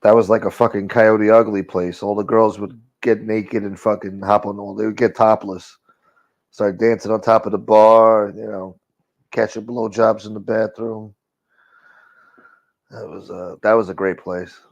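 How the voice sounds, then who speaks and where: Low-voiced profane New host. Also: male voice, little pitch movement, unhurried, creaky. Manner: profane, rambling, reacting to viewer comments. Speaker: live stream host reading chat. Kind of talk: casual chat. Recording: dull lo-fi audio.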